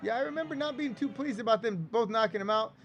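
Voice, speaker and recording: Over soft background music and lo-fi sound, a man with an extremely high, fairly bright voice speaks quickly. He hosts and comments on old wrestling footage in a loose, rambling style, joking and leaning on lots of fillers.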